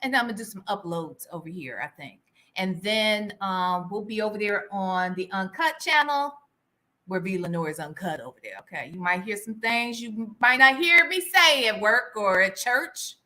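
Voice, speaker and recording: A woman's voice: mid-range voice, animated, moderate pace, bright, forceful tone. A woman hosting a casual livestream, chatting and greeting viewers by name, often ending lines with "all right?" and sometimes dropping to a whisper for asides. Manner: drops into a whisper for gossip asides. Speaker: livestream host.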